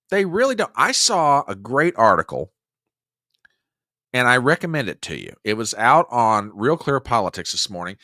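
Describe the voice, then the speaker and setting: A man's voice: medium pitch, big pitch swings, a little slow, long pauses, pushed and bright, no echo, studio quality. A man hosting a political commentary livestream, reacting to clips and talking to viewers in an exasperated way. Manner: exasperated, talks back to clips and chat. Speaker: host of a political commentary show.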